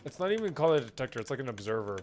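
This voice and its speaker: A man's voice: medium pitch, sing-song, rapid-fire, a little hiss or hum. A young man streaming a game, chatting casually and reading chat aloud, rambling and swearing, with keyboard typing behind him.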